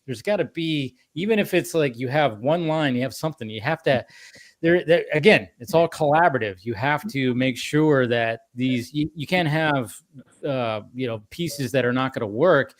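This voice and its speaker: A man's voice: mid-range voice, moderate pace, no room sound. A man hosting a casual live-stream chat, rambling and restarting his thoughts as he goes. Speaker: host. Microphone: video call stream.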